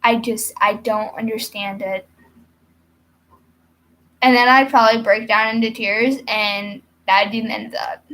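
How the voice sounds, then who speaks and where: A woman's voice: fairly high pitch, level tone, unhurried, pauses often, pushed and bright. A young woman talking casually to camera in a rambling, hyper vlog monologue with giggly asides. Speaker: vlogger.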